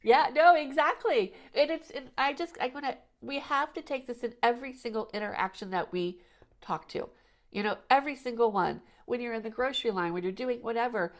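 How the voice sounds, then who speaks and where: A woman's voice: fairly high pitch, a little fast. A woman hosting a podcast, chatting casually and telling rambling stories with frequent restarts and "you know"s. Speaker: podcast host. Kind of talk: casual conversational chat.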